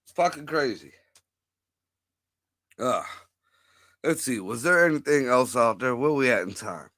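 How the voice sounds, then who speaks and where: A man's voice: mid-range voice, lively intonation, unhurried, a bit bright, no room sound, clean studio sound. A man hosting a casual livestream chat, talking bluntly and profanely as he riffs. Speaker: host.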